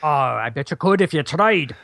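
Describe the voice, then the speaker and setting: A man's voice: a little high, expressive, moderate pace, vocal fry, very noisy. Playful laughing male chart-show host. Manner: playful, laughs often, breaks into jokey sung bits. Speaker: podcast host. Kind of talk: casual chat counting down old hit songs.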